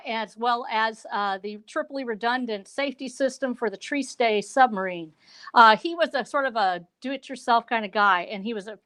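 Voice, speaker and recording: A woman's voice: fairly high pitch, pushed and bright. A woman, chatting as an author guest in a playful, theatrical, joking way. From Texas. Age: 50s. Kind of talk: casual interview chat.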